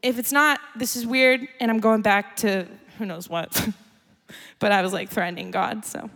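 A young adult woman giving a sermon as a story, chatty and animated, laughing often. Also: mid-range voice, normal speed. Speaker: speaker. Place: church gathering hall. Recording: long hall reverb.

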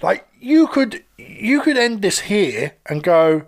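A man, casually co-hosting a chat about a TV episode, retelling scenes in a sweary, animated way. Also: high-pitched, slow pace. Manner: animated storytelling, acts out quoted voices, sweary. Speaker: podcast co-host.

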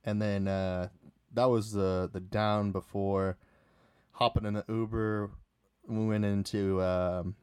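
A man's voice: on the low side, smooth, no room sound, clean studio sound. A young man telling a casual, rambling story about a night out, full of restarts and fillers.

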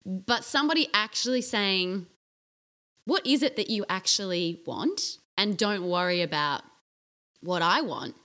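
A woman, co-hosting a casual podcast chat and telling a story with acted-out quotes. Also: measured pace. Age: 30s. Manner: animated storytelling, acting out quotes in a low voice. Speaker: podcast co-host.

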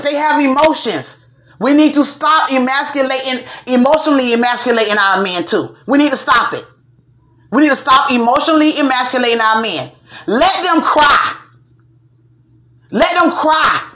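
A woman's voice: high voice, bright, forceful tone, slight background noise. A woman hosting a show, giving casual commentary in a blunt, emphatic way and swearing freely. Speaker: host.

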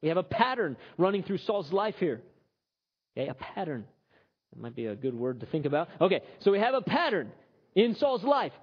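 A man preaching a sermon in a conversational, animated way, slipping into characters to tell stories. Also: high voice, slightly rough. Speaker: pastor. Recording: slightly muffled recording.

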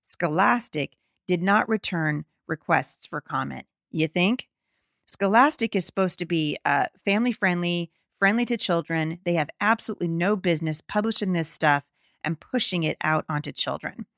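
A woman's voice: on the low side, normal speed, fairly bright tone, no room sound, clean studio sound. A middle-aged woman hosting a podcast, reading an article aloud and commenting on it in an indignant, emphatic way, often restarting her sentences. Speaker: podcast host.

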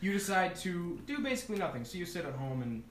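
A man's voice: sits high, sing-song, fast talker. A man running a tabletop game as game master, narrating casually with many fillers. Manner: casual, rambling, lots of fillers and restarts. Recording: echoey room, distant mic, noisy.

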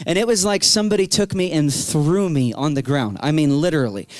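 Animated high-voiced male preacher. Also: fairly quick, no room sound. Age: 30s. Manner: animated storytelling, acting out his own past shouts. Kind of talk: sermon.

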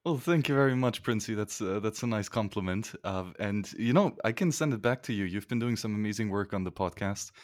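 A man's voice: lowish voice, brisk, hardly any pauses, dry recording, studio quality. A man being interviewed on a podcast, talking in a friendly, thoughtful way with many fillers. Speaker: podcast guest. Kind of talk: casual interview talk.

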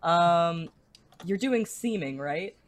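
Woman game master, low voice, hesitant narration with frequent fillers. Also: expressive, slow pace, slight background noise. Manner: hesitant, many fillers and restarts.

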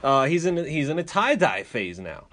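A man co-hosting a casual chat, who talks in a wry, teasing way and reacts with lively interjections. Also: on the high side, moderate pace. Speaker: podcast co-host.

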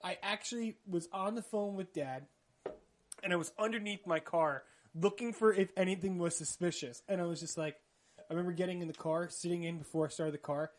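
A young man telling an awkward dating story in a casual podcast chat, animated and often laughing. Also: sits high, brisk. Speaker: podcast co-host.

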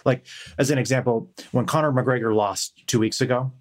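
A man's voice: medium pitch, brisk. A man in casual chat, telling a meandering story and swearing now and then.

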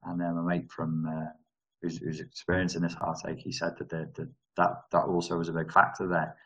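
A man with a deep, low-pitched voice talks off the cuff on a live stream, working through viewer comments. He rambles, breaks off his own sentences and drops in wry asides as he goes. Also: monotone, brisk, a bit bright, dull audio.

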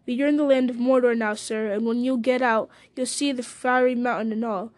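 Give me a devoted, homely male hobbit servant, deferential and plain, mellow tone, as a woman reads him. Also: fairly high pitch, steady tone, fairly quick, natural voice. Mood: earnest.

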